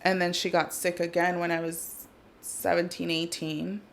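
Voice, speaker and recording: A young adult woman talks as a podcast guest in casual conversation. Her voice is fairly low with a strong gravelly fry. She tells stories openly and warmly. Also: level tone, normal speed. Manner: open, storytelling, emotional at times. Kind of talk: casual chat.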